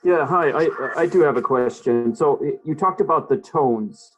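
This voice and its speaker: A man's voice: fairly high pitch, moderate pace, fairly bright tone, slight background noise, poor audio. A man in an online class asking a question, stammering and repeating words while he thinks. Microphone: video call.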